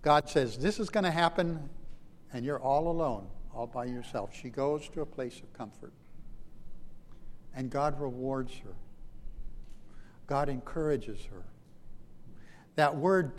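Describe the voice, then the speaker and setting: Man preaching a sermon, kinda high voice, big swells and drawn-out phrases, echoey hall. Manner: dramatic, rising and falling emphasis with slowed phrases. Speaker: pastor.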